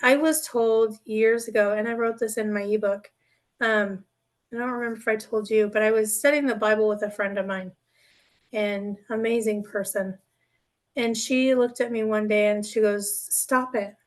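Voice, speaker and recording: A woman's voice: medium pitch, fairly even intonation, moderate pace. A woman co-hosting a podcast in casual chat, rambling and earnest, often checking in with "right?". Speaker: podcast co-host.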